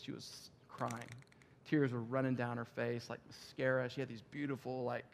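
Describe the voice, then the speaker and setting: A man preaching a sermon as pastor, telling a story with animated delivery and acted-out dialogue. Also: medium pitch, vocal fry.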